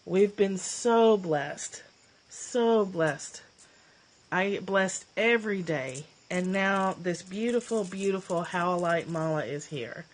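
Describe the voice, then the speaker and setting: A woman chatting casually on a phone livestream, her slightly low voice choked up with tears. She gushes warmly, laughs often and keeps clearing her throat as she talks. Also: animated, takes it slowly. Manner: emotional, teary and gushing, with frequent laughs and throat-clearing. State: teary, choked up. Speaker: livestream host, former therapist.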